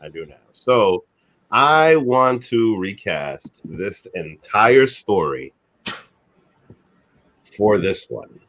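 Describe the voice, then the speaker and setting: A man on a movie review panel, giving his opinion in relaxed, hesitant podcast chat. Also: fairly low pitch, very slow, pauses often.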